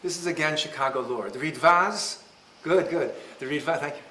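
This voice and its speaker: Bright-voiced rabbi lecturing in a roomy hall. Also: male voice, a little high, normal speed, slight background noise. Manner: animated, humorous storyteller. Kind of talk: lecture with storytelling.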